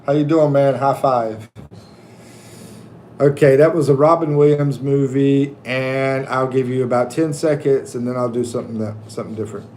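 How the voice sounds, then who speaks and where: A man's voice: mid-range voice, fairly even intonation, normal speed, a little mellow, slight background noise. A man hosting a casual livestream, joking and chatting with viewers. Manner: jokey, laughing, chatting with viewers. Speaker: livestream host and expat coach.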